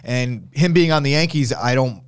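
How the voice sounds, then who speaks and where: A man's voice: mid-range voice, animated, normal speed, clean tone. A man hosting a sports talk show, arguing his opinions bluntly in a casual debate and swearing now and then.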